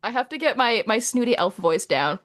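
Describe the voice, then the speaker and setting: A woman's voice: on the high side, animated, fairly quick, no echo, clean studio sound. A woman co-hosting a tabletop game livestream, chatting casually and explaining rules with examples. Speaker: livestream co-host. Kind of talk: casual chat about tabletop games.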